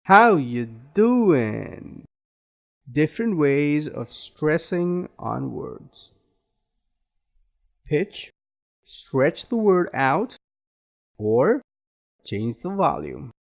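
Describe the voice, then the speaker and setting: Slow, animated male accent coach. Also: on the high side, creaky. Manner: slow, deliberate teaching with acted example phrases. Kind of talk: spoken English lesson.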